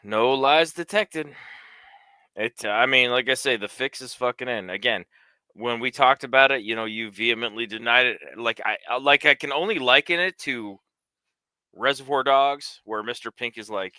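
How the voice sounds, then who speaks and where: A man's voice: medium pitch, moderate pace, dry recording. A man co-hosting a casual sports talk show, blunt and heavy on swearing. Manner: profane, blunt, loud outbursts. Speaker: co-host.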